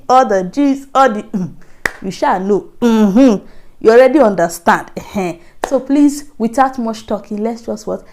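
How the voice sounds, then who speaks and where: A young woman with a Nigerian accent tells her story straight to camera as a vlogger. Her voice sits a bit high, and she talks in an animated way, laughing often and repeating words for emphasis. It is casual, chatty storytelling.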